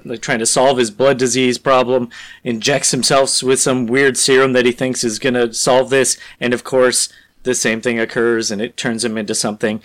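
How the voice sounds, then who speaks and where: Rambling man pitching a story idea. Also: a bit bright. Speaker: podcast co-host. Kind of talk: casual chat.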